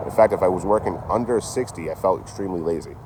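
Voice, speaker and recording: A man's voice: low-pitched, fast talker. Profane, rambling man streaming outdoors. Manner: rambling, profane, laughs at his own jokes. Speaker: traveling livestreamer. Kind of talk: casual livestream chat. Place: outdoors by a rail yard office. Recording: outdoor street noise. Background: traffic and street noise.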